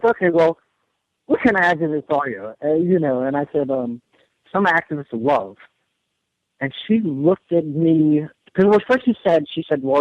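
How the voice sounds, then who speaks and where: A man's voice: a little high, no echo, lo-fi sound. A man as a radio show guest, talking earnestly in long rambling runs and often repeating his words. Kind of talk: casual radio interview.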